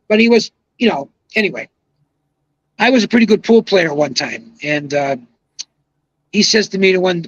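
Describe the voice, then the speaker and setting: An older man in his seventies with a fairly high voice rambles through a long anecdote and leans hard on his emphatic asides. The sound is dry and close, with a dull, lo-fi edge. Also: a bit bright, no room sound. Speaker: guest, retired pro bowler. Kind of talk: casual storytelling on a podcast.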